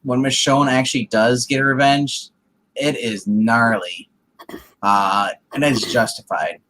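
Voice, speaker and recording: A man in casual chat, co-hosting a comic book review. He retells the story in a rambling way, with restarts and filler words. His voice sits at a middle pitch. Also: steady tone, slow pace, a bit bright, poor audio.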